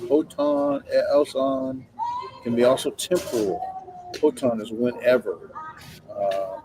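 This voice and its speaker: A man's voice: mid-range voice, poor audio. Hesitant male Greek grammar teacher. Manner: hesitant, many fillers and self-corrections. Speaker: Greek instructor. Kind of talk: classroom lecture.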